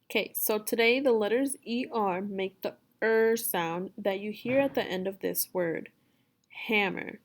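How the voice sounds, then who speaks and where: A woman teaching a phonics lesson for young children, sounding out words slowly and deliberately. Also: medium pitch. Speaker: second grade teacher.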